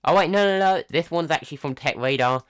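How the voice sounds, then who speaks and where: A man hosting a live tech news roundup in a casual, halting way, full of pauses, ums and restarts. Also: a little high, a bit bright, clean tone. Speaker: tech news livestream host.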